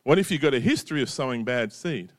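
A man's voice: medium pitch, lively intonation, fast talker, no room sound, clean studio sound. A middle-aged man preaching a sermon in a conversational way, often checking in with "right?" and "you know". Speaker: pastor.

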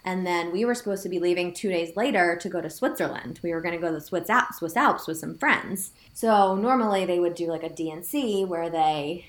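A chatty woman in her thirties tells a personal story, peppering it with "like" and quoting what she said. Her voice sits fairly low, and the room around her gives it a noticeable echo. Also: fairly quick, few pauses. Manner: chatty, many "like" fillers, quotes herself. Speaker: guest sharing her story. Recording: roomy echo.

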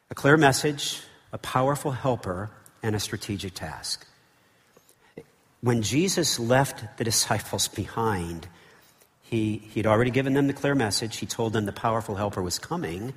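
Animated pastor preaching in a reverberant hall. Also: male voice, lowish voice. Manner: animated storytelling, rhetorical questions, frequent "okay?". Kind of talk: sermon. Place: church sanctuary.

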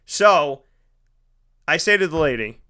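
A studio radio host tells an animated story as a casual monologue, slipping into the voices of those he quotes. His voice is fairly high and clean, and he takes his time at a slow pace.

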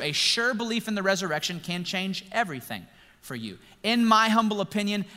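Bright-voiced man preaching in a reverberant hall. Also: high voice. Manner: conversational, playful, animated storytelling. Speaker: pastor. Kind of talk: sermon.

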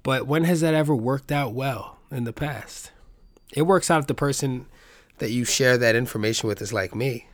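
A man hosting a solo comedy podcast, talking in a loud, hype-man style full of swearing. His voice sits mid-pitch and sounds close and dry, with no room around it. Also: moderate pace, no echo. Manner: animated, profane, hype-man delivery. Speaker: podcast host.

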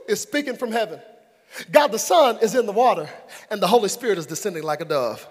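Pastor, male, very high voice, preaches dynamically, from shouting to soft whispers. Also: animated, quick pace, big-room sound. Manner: dynamic, swings from loud to hushed. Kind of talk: sermon. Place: church sanctuary before a congregation.

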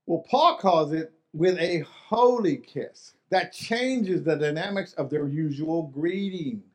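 A man's voice: a little high, animated, takes it slowly. A man preaching a sermon in an earnest way, often restarting phrases and asking the listeners rhetorical questions. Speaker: pastor.

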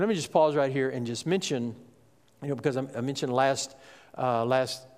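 A man preaches from the pulpit in a relaxed, conversational way, checking in with the congregation and pausing on small fillers. His voice sits at an ordinary middle pitch, and the sanctuary gives it a long reverberant tail. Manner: conversational preaching, frequent "okay?" and "uh" asides. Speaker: pastor. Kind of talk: sermon.

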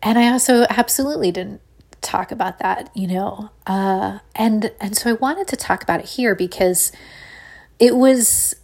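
A woman, hosting a casual solo podcast in a chatty, animated way with Valley Girl-ish phrasing. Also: mid-range voice, vocal fry. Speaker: podcast host.

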